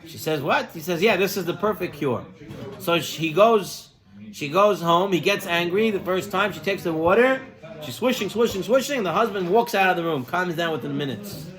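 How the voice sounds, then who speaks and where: His voice sits high and his pace is moderate as this rabbi preaches. He's an energetic narrator who performs the figures in his tales, dropping to a quiet voice to emphasize what they teach.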